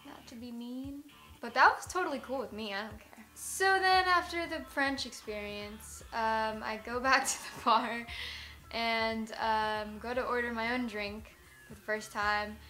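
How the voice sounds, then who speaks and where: A woman's voice: fairly high pitch, measured pace, pushed and bright, soft background music. Chatty young American woman rambling. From United States. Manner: chatty and rambling, full of "like", self-mocking. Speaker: vlogger. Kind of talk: casual storytelling vlog.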